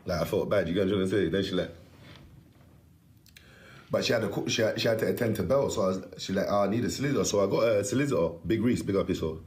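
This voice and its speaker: A man's voice: low-pitched, fast, darkish tone. Ranting young man, echoey. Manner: rambling, emphatic, swears, street slang. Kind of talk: casual ranting story.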